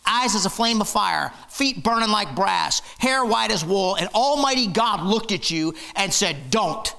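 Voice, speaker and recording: A man's voice: high-pitched, expressive, normal speed, creaky, pushed and bright. A man preaching a fiery, emphatic sermon in church, hammering his points with repetition. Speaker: pastor.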